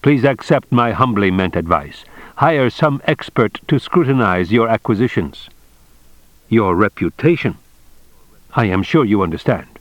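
A man reading an audiobook, voicing a courteous, stiffly formal male envoy who talks in slow, measured phrases. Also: on the low side, animated, no room sound, muffled recording. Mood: smooth.

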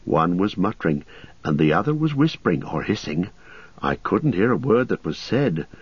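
A man's voice: deep voice, sing-song, normal speed, slightly rough, no room sound, heavily acted. Merry, a breathless shaken hobbit, as a man reads him. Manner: urgent, tumbling storytelling. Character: shaken young male hobbit, breathless and jittery. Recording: slightly muffled recording.

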